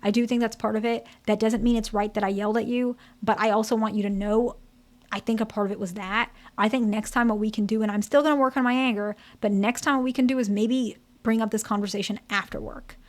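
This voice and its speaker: A woman voicing a grown husband who yelled at his wife, speaking in a plain, everyday way as she quotes him. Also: a little high, fairly even intonation, fast talker, natural voice. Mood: apologetic. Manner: defensive then apologetic, plain speech.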